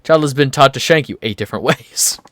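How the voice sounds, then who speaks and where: A man giving joking, excitable commentary while playing a video game. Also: mid-range voice, fairly quick, no echo. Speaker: gaming streamer. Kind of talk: let's play commentary.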